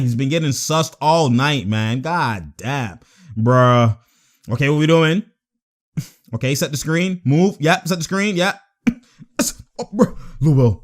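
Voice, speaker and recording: A high-pitched man gives a live reaction commentary on game footage, his voice leaping all over the place. He talks casual and slang-heavy, laughs often and shouts at bad calls. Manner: excitable, laughing often, yelling at referee calls. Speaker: sports reaction video host.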